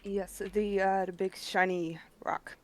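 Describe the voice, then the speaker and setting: A deadpan woman player at a tabletop game, joking with the game's characters. She speaks slowly in a mid-pitched voice. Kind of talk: casual chat at a game table.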